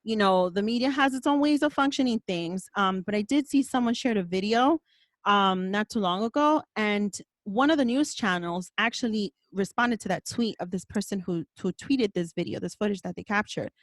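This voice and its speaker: A woman's voice: medium pitch, normal speed, no echo. A woman hosting a podcast, talking in a passionate, emphatic way and swearing now and then. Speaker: podcast host. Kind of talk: casual podcast conversation.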